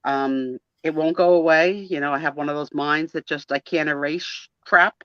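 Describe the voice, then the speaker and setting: A woman from the New Jersey and New York area, chatting in a rambling, animated way while co-hosting a live photo sale. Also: low voice, moderate pace, no echo, highs cut off. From northeastern US, New Jersey and New York area. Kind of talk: casual live-stream chat.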